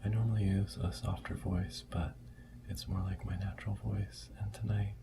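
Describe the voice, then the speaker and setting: A man reads a book aloud in a soft-spoken ASMR style, keeping his voice hushed and often close to a whisper. His tone sits low with a gravelly edge and barely rises or falls. A steady hiss runs underneath the recording. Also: normal speed. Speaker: ASMR storyteller.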